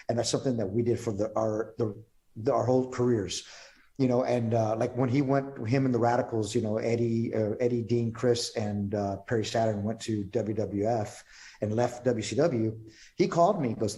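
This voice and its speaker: A man talking as a podcast guest, telling stories in a relaxed way, quoting others and swearing now and then. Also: mid-range voice, moderate pace. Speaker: podcast guest, pro wrestler. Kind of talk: casual interview storytelling.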